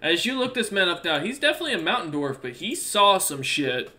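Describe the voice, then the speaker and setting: A man's voice: high-pitched, sing-song, a little fast, sharp tone. A man narrating a tabletop game as game master in a loose, casual way with lots of fillers.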